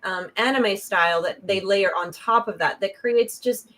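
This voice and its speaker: A woman co-hosting a casual film chat over a video call, warmly enthusiastic with halting restarts. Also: medium pitch. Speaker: podcast co-host.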